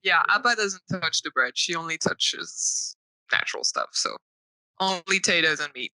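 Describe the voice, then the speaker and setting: A woman's voice: on the low side, animated, normal speed, sharp tone, dry recording, low-quality recording. A woman playing a tabletop game, speaking in a casual, matter-of-fact way. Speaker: player. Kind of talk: tabletop play.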